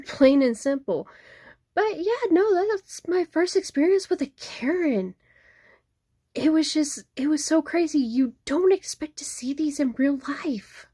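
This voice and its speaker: A woman who works at a restaurant, telling a story from work in a casual, animated way with laughs. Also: high voice, slow pace, dry recording, studio quality. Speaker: restaurant worker.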